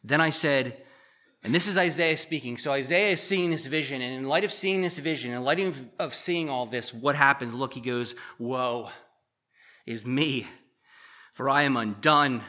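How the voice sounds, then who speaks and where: A man preaching a sermon, reading scripture aloud and breaking off into animated asides to the congregation. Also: mid-range voice, moderate pace. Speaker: pastor.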